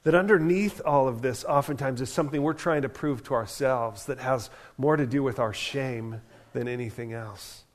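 A man preaching to a church in a relaxed, conversational style. His voice sits in an ordinary middle pitch, and he talks animatedly with the crowd, dropping in casual asides. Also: moderate pace. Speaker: pastor. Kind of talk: sermon.

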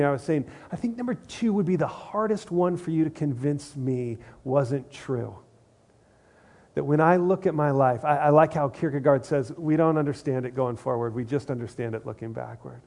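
A man's voice: mid-range voice, warm tone. A middle-aged man preaching a sermon in an earnest, conversational way, repeating phrases for emphasis. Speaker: pastor.

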